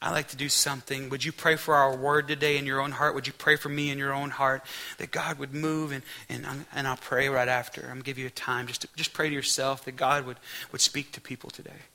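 A pastor preaching a sermon, reading scripture and leading a prayer, emphatic and repeating key phrases for weight. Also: male voice, mid-range voice, little pitch movement, fairly quick, bright, forceful tone, poor audio.

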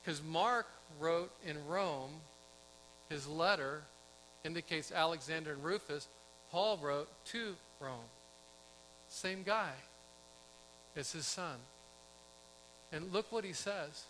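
High, bright-voiced male pastor preaching. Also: slow pace, long pauses, slight background noise, rough recording. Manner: conversational storytelling, asks the congregation questions. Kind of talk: sermon.

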